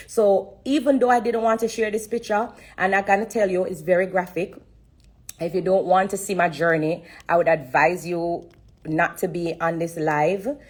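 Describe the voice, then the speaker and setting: A woman's voice: on the low side, slightly rough. A woman with a Jamaican accent giving an emotional testimony on a phone live stream, earnest and repeating herself for emphasis while fighting back tears.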